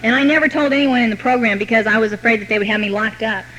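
Woman, quick pace, rather high voice, deadpan self-mocking humor, recovery talk. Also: highs cut off, a little hiss or hum. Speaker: recovery meeting speaker. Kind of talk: personal recovery story told to an audience.

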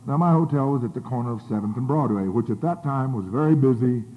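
A man's voice: mid-range voice, fast talker. An older man telling a rambling personal recovery story to a group, with many fillers and restarts. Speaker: speaker sharing his recovery story. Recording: tinny phone-like audio.

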